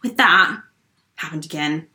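A young woman from England with a bright, forceful voice tells a travel story in relaxed conversation. She is animated, laughs often and acts out quotes. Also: low-pitched, measured pace. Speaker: podcast guest. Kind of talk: casual storytelling chat.

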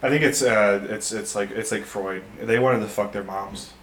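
A man in his thirties from Detroit, a podcast guest chatting casually with many halting restarts. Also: fairly low pitch, steady tone, fairly bright tone, distant mic. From Detroit, USA. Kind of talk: casual chat. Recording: off-mic with faint background noise.

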